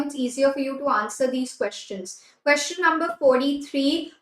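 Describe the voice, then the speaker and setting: Indian woman teacher, high voice, roomy sound; switches between Hindi and English and repeats key phrases. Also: fairly bright tone. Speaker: exam prep teacher. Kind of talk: live online class lesson.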